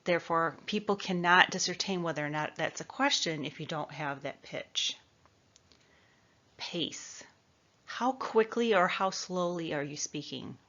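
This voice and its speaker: A woman from the Midwest teaches presentation skills in a clear, measured coaching voice. Her voice sits a little low for a woman. The recording is somewhat dull and lo-fi. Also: a bit bright. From American Midwest. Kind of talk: instructional talk.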